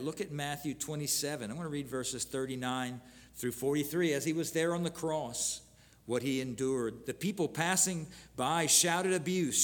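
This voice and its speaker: Man preaching in a reverberant hall. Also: a little high. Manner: earnest, reads scripture aloud with pauses and restarts. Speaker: pastor. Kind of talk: sermon.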